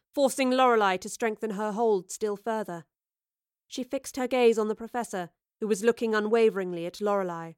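A woman reading a story aloud in a steady, even narration. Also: on the high side, clear, resonant tone, no room sound, studio quality. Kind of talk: audiobook narration.

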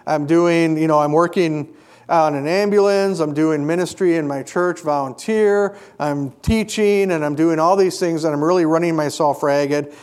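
A middle-aged man preaching a sermon in a fairly high voice. He talks earnestly, swelling into emphatic stresses and then sinking to quiet, reflective lines. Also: moderate pace, clear, resonant tone. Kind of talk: sermon with personal story.

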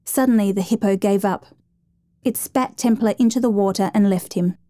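A woman reading a dramatic true story as a steady, measured narrator. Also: mid-range voice, dry recording, clean studio sound.

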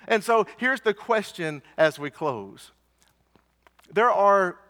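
A man with a high voice preaches a sermon, earnest and insistent. He asks his listeners questions and repeats key lines for weight. His voice rings out with a long reverb. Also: expressive, slow pace, pauses often, a bit bright. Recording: church hall reverb.

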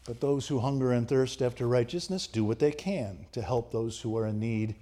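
A man's voice: mid-range voice, normal speed, mellow. A man preaching a sermon, emphatic and rhetorical, asking the congregation questions. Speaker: pastor.

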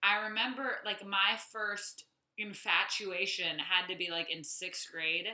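A woman's voice: mid-range voice, steady tone, a little slow, pushed and bright, roomy sound. A woman co-hosting a podcast, chatting casually, laughing often and reacting playfully. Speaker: podcast co-host.

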